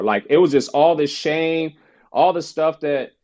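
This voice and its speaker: A man's voice: fairly high pitch, unhurried, darkish tone. A man telling a personal story as a podcast guest, acting out the voices of the people he quotes. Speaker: podcast guest, former basketball player. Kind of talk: casual storytelling interview.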